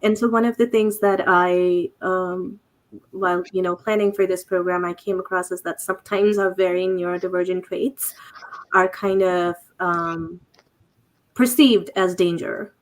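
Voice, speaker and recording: A woman hosting a livestream panel chat, speaking hesitantly with frequent pauses and fillers. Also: lowish voice, steady tone. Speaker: host.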